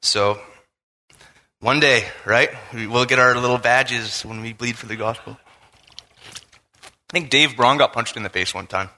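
Bright-voiced preacher in an echoing hall. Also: male voice, medium pitch, unhurried, pauses often. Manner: casual, animated storytelling with laughs. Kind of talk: sermon with a personal story. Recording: long reverb of a large room.

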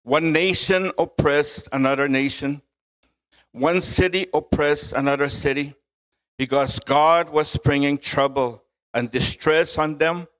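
A middle-aged man preaching a sermon, joking with the congregation and reading scripture aloud in a measured way. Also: on the high side, steady tone, a bit bright, clean tone. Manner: joking, chuckles often, slow measured reading.

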